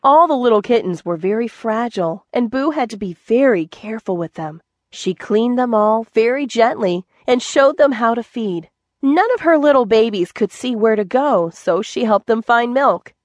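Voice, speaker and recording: A woman narrating a children's book in a gentle, clear storytelling manner. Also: a little high, animated, moderate pace, no echo, highs cut off. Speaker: audiobook narrator.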